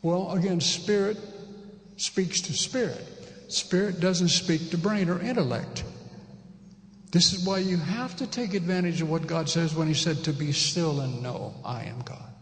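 A man's voice: fairly high pitch, unhurried. A pastor giving a conversational sermon, emphatic and repeating his key phrases. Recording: echoey hall with long reverb.

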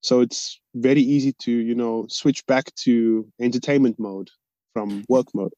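A man in a band, talking on a podcast in an articulate, measured, reflective way. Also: mid-range voice, steady tone, mellow, dry recording. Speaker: band member. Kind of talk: casual podcast chat. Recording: dull, lo-fi sound.

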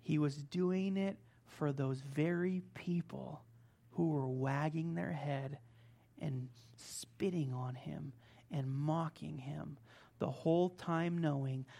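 Slow, emphatic male preacher. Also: on the high side, fairly even intonation, gravelly, mellow. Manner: emphatic, talks straight to the listeners; reads scripture aloud and comments on it. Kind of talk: sermon.

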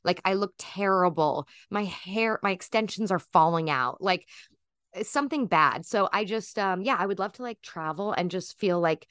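A woman's voice: fairly low pitch, moderate pace, a bit bright, clean tone, no room sound, studio quality. A woman in her thirties, a guest chatting casually in an interview, rambling with lots of fillers and restarts.

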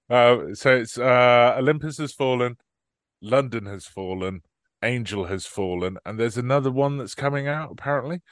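A man's voice: mid-range voice, lively intonation, unhurried, dry recording, clean studio sound. A man co-hosting a film podcast from home, chatting casually and laughing often as he rattles off titles. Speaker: podcast co-host. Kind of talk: casual film-review chat. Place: remote recording, apart from co-host.

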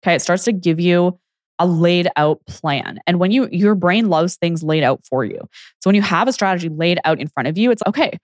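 A young adult woman who coaches fitness hosts her own podcast, talking casually on her own with lots of "like" and acting out what people said. Her lowish voice is expressive and fairly quick. The recording is dry and studio quality.

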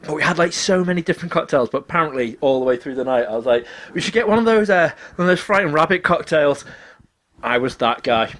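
A man's voice: a little high, animated, quick pace, fairly bright tone. A man telling a funny story in casual chat, acting out the quotes and laughing often.

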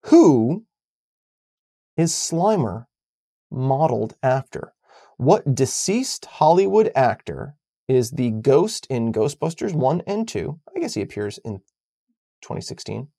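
A playful podcast co-host chats casually and reads out quiz questions for a giveaway. The voice sits mid-range but moves around a lot in pitch. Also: big pitch swings, slow pace, warm tone, breathy edge. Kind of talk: casual chat.

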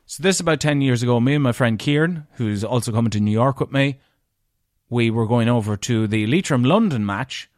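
A man's voice: medium pitch, no room sound, clean studio sound. Irish guy telling crude comic stories. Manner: animated, crude comic storytelling. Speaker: podcast host. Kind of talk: casual storytelling monologue.

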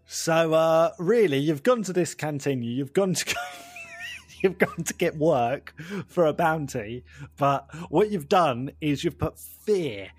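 A man's voice: on the high side, animated, slow, husky. A man narrating a tabletop role-playing game as game master, playful and laughing often.

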